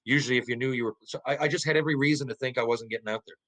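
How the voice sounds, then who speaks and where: The clip is low quality, and the man talks very fast. He's a middle-aged ex-pro hockey player guesting on a podcast, sharing a casual anecdote with free swearing, lively energy, fumbled restarts, and jumps into high voices for quotes.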